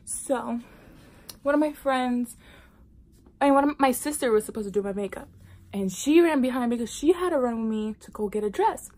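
Animated woman vlogger telling a story. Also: fairly high pitch, moderate pace. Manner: animated, with dramatic whispered asides. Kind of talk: casual storytelling to camera.

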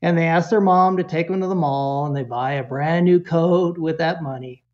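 Man quoting a gentle mom, soft and patient. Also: a little high, moderate pace, highs cut off, close to an everyday voice. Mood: coaxing. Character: patient, empathetic mother.

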